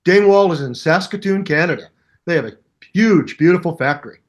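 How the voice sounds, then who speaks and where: An older male musician, guesting in a casual interview, tells lively stories and imitates voices and sounds. His voice is a little high and slightly fast, captured with lo-fi sound quality.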